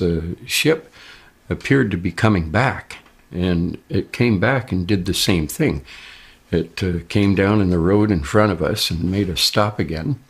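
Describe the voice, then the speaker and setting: A man's voice: deep voice, breathy edge. A man giving a plain, rambling first-person account as a witness. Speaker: abduction witness.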